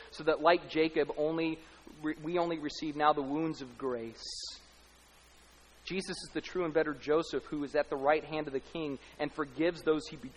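A man's voice: a little high, a little hiss or hum. A man preaching a sermon as pastor, speaking emphatically, building runs of repeated lines and rhetorical questions. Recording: long hall reverb.

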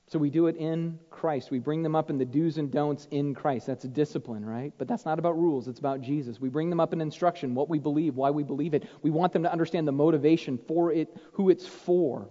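Emphatic preacher man in an echoey hall. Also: high voice. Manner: emphatic, swings between loud stress and hushed asides. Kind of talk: sermon to fathers. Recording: echoey hall, dull sound.

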